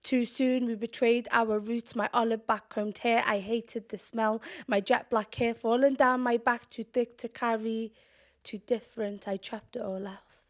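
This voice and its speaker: A woman's voice: fairly high pitch, steady tone. Young Scouse woman reciting poetry. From Liverpool, England. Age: young adult. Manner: measured, deliberate delivery with pauses, sometimes sinking to a whisper. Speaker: poet. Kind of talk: spoken-word poetry performance.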